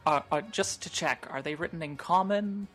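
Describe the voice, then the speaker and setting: A woman with a lowish voice narrates as game master for a tabletop game, describing scenes unhurriedly with small hesitations. Soft music plays in the background.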